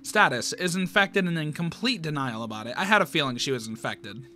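Dude reacting to a horror comic, voice swings all over, kinda high. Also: male voice, lively intonation, fairly quick, sharp tone, a little hiss or hum. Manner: reactive, swears in surprise. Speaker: comic reader. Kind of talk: reading a fan comic aloud with reactions.

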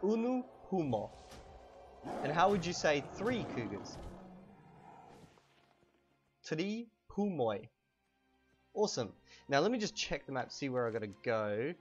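A young man giving a casual language lesson while playing a video game, relaxed and chatty, slowly stressing words so they can be heard. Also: medium pitch, highs cut off, faint music behind. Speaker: language teacher.

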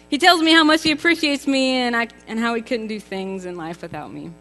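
Female preacher, 30s, bright tone, chatty and emphatic, long hall reverb. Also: on the high side, normal speed. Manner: chatty and emphatic, with rhetorical questions to the congregation. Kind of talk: contemporary church sermon. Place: church sanctuary. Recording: reverberant church hall with faint music.

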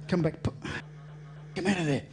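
An Australian man performs a comedy magic act at a corporate event venue, teasing the audience and laughing at his own gags. His voice is a little high and moderately paced, and the live recording is full of loud crowd laughter and chatter.

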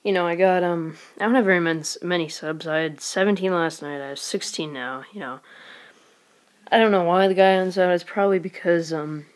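A lowish-voiced woman hosts her channel with brisk live gameplay commentary. She's excitable and tends to ramble, exclaiming frequently and adding whispered asides.

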